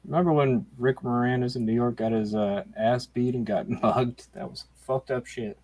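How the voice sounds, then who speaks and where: A man's voice: medium pitch, fairly even intonation, normal speed, darkish tone, no room sound. Easygoing man from Michigan as co-host, mid-range voice, dry close sound. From Michigan, United States. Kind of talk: casual profane chat.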